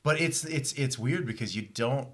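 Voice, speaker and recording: A man from New Mexico, co-hosting a podcast and reflecting slowly. He often pauses with "you know.". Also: mid-range voice, a bit bright. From New Mexico, USA. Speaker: podcast co-host. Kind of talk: casual chat.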